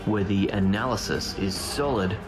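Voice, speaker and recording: A man giving a dramatic, slow movie-trailer style narration for a show intro. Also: on the low side. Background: music.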